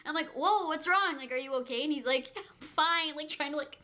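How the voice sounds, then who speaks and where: A woman vlogger casually telling a personal story to camera, chatty, full of "like" and quick giggles. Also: high-pitched, fairly even intonation, sharp tone. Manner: chatty, heavy use of "like", frequent giggles.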